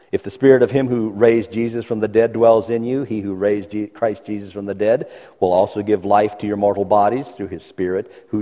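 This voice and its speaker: A man's voice: lowish voice, dark tone. A man preaching a sermon, reading scripture aloud and pressing his listeners with earnest questions. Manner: earnest preaching, reads scripture aloud, builds to urgent pleas. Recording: long reverb of a large hall.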